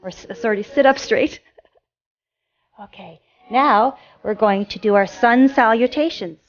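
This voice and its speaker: A woman instructor gently guiding children through a yoga class with encouraging, sing-song cues. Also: fairly high pitch, measured pace, dull audio.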